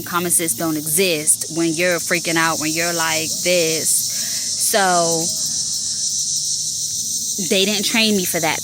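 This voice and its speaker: A woman with a fairly low voice hosts a podcast, recorded with background noise. In a casual monologue about her job as a 911 telecommunicator, she speaks emphatically and repeats herself to make her point.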